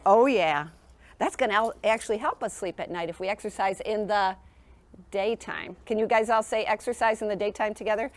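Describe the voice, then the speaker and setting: A woman's voice: medium pitch, brisk. A woman presenting a sleep program in a school classroom, talking to young children in an encouraging, sing-song teacher manner and often checking in with them.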